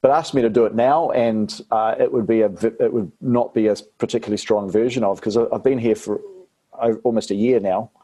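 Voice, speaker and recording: A man's voice: fairly low pitch, fairly even intonation, brisk, dark tone, breathy edge. A man from New Zealand with a New Zealand accent, an actor chatting casually as an interview guest, rambling with fillers and restarts.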